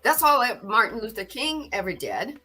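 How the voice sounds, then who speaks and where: A middle-aged woman hosts a spiritual podcast, speaking earnestly with a bright, forward tone. She often doubles back on her words. Faint music sits behind her. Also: a little high, big pitch swings, normal speed, slightly rough. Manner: earnest, repeats words when stirred. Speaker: podcast host. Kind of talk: spiritual talk.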